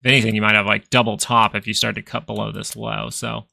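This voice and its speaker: A man on the low side in pitch hosts a stock market livestream, talking fast in a gravelly, sharp, level voice. He casually works through charts, thinking aloud and repeating phrases to drive points home, in a dry recording.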